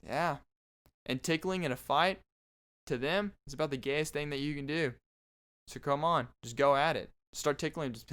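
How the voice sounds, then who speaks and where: A man's voice: fairly high pitch, normal speed, fairly bright tone. Rambling young man doing comedy talk. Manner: rambling, restarting, joking. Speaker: podcast host. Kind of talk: comedic monologue.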